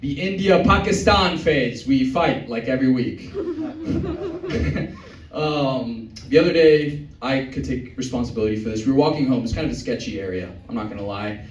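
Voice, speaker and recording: A young man performing a stand-up set in a comedy club, with a deadpan, meandering delivery. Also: medium pitch, moderate pace, slight background noise. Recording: echoey club from far off.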